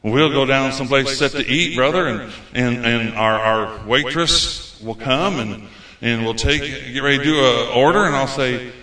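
A man's voice: mid-range voice, moderate pace, few pauses, sharp tone. Guy preaching folksy and fired up, echoey church room. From United States. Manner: folksy, repeats phrases, fervent. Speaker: visiting preacher. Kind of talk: sermon. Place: church hall. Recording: roomy church hall.

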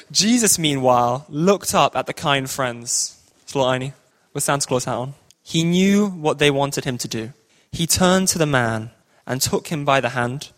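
High-voiced playful man telling a story. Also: big pitch swings, measured pace, a bit bright. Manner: playful, ad-libbing, upbeat. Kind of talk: comic storytelling and song leading.

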